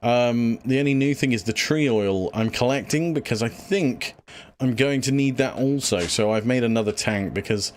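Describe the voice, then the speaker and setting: A man's voice: medium pitch, normal speed, slight background noise. Rambling, breathless man streaming a game. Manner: rambling, lots of fillers, thinks aloud. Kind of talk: casual gameplay livestream chat.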